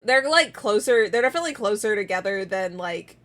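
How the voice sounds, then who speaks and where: An American woman streamer chatting casually with her viewers, rambling and halting and breaking into frequent laughs, still recovering from a week-long illness. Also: mid-range voice, lively intonation, a bit bright. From United States. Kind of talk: casual chat with chat.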